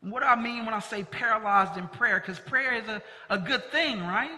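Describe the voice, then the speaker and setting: A man's voice: high voice, moderate pace, few pauses, bright, forceful tone. A man preaching a sermon as pastor, earnest and leaning hard on key words. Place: church sanctuary. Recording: long reverb of a large hall.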